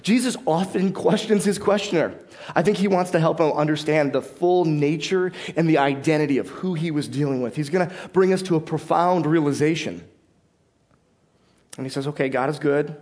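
A man preaching in a church with a slightly higher voice. His sermon is conversational: he explains the passage and puts questions to the congregation. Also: moderate pace, a little mellow. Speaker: pastor.

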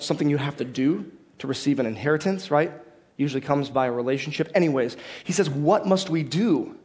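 A man preaching in a church with a slightly higher voice. His sermon is conversational: he explains the passage and puts questions to the congregation. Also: a little mellow. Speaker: pastor.

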